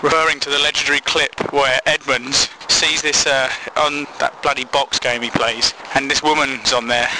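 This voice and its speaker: A man's voice: mid-range voice, steady tone, normal speed, few pauses, noisy background. A man hosting a casual comic monologue, rambling and laughing at his own sarcastic asides. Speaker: comedy blog host.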